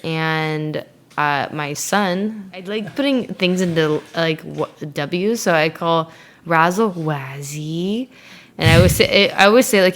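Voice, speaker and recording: Woman, interview guest, low gravelly voice, rambling chatty delivery. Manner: rambling, filler-heavy, giggly. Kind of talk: casual chat.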